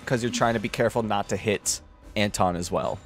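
A man narrating a tabletop game as game master, relaxed and chuckling between rulings. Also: on the low side, brisk, soft background music.

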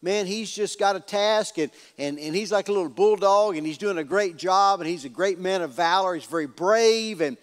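A man preaching in a folksy, animated storytelling way, often repeating words. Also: high-pitched, moderate pace, few pauses. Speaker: pastor. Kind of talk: storytelling sermon. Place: church sanctuary. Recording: reverberant church hall.

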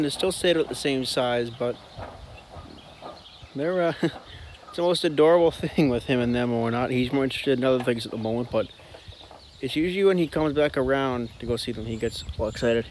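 A man vlogging outdoors on a farm with his dog, chatting casually and talking to the dog in a high sing-song voice. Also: normal speed, darkish tone, a little hiss or hum. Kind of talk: casual vlog narration. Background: faint outdoor ambience.

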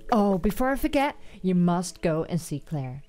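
A woman's voice: lowish voice, big pitch swings, normal speed, dark tone, soft background music. A woman voicing a cheerful, chatty young village woman who greets a newcomer in a bubbly manner.

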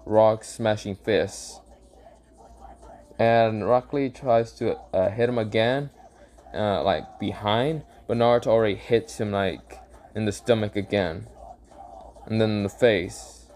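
A man's voice: fairly low pitch, a little mellow. A man casually retelling an improvised fan story, rambling with lots of fillers, stumbling over names and correcting himself. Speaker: YouTube storyteller.

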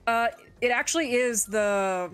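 A woman's voice: fairly high pitch, a little slow, fairly bright tone, clean tone, soft background music. A woman co-hosting a game stream, chatting casually in a rambling way full of fillers. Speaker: co-host guest.

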